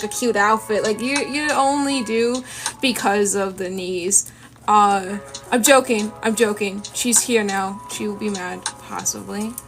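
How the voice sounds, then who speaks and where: This art streamer has a fairly high, gravelly voice as she casually chats and rambles to viewers during a drawing session. A runny nose keeps her sniffly, she drops self-deprecating asides, and lofi music runs in the background.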